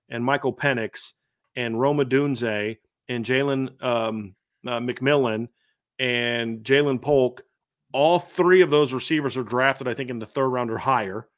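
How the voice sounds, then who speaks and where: Fast-talking man breaking down football stats. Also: medium pitch. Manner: animated, reels off stats, frequent restarts. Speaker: podcast host. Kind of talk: sports analysis chat.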